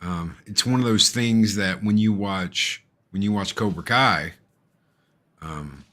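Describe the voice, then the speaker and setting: Man, host, casual movie discussion, low pitch, animated, scene voices. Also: slow. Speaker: podcast host.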